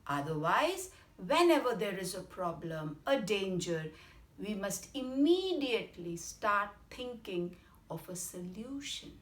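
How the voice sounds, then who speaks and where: Slow sing-song Indian woman storyteller. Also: mid-range voice. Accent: Indian English. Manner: expressive and sing-song, addressing children. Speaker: children's storyteller. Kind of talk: bedtime story reading. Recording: echoey room.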